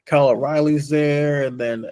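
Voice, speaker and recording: A man's voice: fairly high pitch, fairly even intonation, moderate pace, dark tone, clean tone, no echo. A man co-hosting a podcast in casual chat, blunt and profane, often tagging lines with "man". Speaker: podcast co-host.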